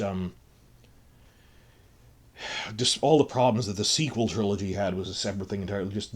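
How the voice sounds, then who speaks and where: A man hosting a solo podcast, rambling emotionally through a film review, restarting his sentences. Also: on the low side.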